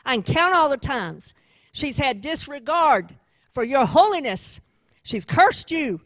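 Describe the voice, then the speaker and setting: A woman voicing a scornful male prosecutor who loudly lists charges against a sinner in a sermon. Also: high voice, very animated, measured pace, dry recording, voice pushed up, full character voice. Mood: accusing. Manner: loud, accusing, listing charges.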